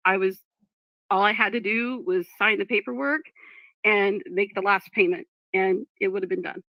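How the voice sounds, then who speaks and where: Gravelly woman streamer on a dull mic. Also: mid-range voice, steady tone, normal speed, dry recording. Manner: frustrated, distracted by chat, apologetic. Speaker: livestreamer reading chat. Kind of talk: casual live stream talk.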